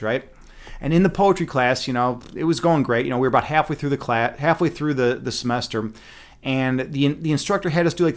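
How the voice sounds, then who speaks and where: A man telling a story in a casual rant, animated and profane, with many fillers and restarts. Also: medium pitch. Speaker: streamer.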